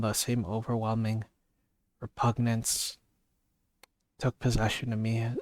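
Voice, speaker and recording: A man's voice: lowish voice, little pitch movement, a little slow, no room sound. A man streaming a casual read-aloud of a story, reading steadily with restarts and brief asides.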